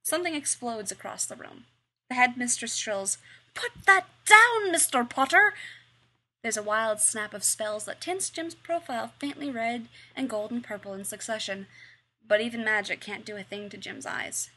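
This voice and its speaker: Bright-voiced woman reading a story aloud. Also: medium pitch, moderate pace, breathy edge. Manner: expressive, wry reading. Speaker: reader. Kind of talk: audiobook narration.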